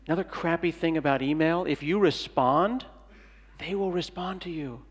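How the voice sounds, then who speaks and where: A man's voice: fairly high pitch, moderate pace. A middle-aged man giving a comedic keynote talk at a conference, playful and jokey, acting out little dialogues. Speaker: conference speaker. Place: large conference hall. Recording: long hall reverb.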